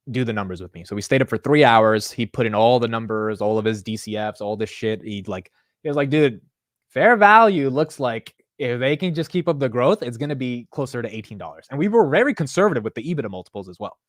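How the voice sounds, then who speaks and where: A man's voice: fairly low pitch, animated, quick pace, dry recording. Young guy streaming, rambly casual chat, says dude a ton, dry close mic. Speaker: livestream host.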